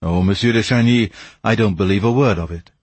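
A man voicing a grave, secretive Persian who speaks slowly and in a measured way. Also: lowish voice, darkish tone, slightly rough, no room sound.

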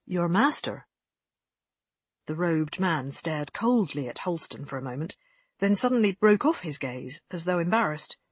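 An audiobook narrator reading a story in a measured, even way. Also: medium pitch, breathy edge, dry recording. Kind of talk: scripted narration.

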